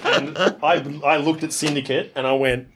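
A man on a casual podcast, quick, joking and argumentative as a contestant. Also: fairly high pitch, a bit bright, a little hiss or hum.

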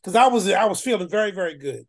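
A man's voice: high voice, animated, fast. A man telling a story in an emphatic, slangy way. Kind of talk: casual storytelling.

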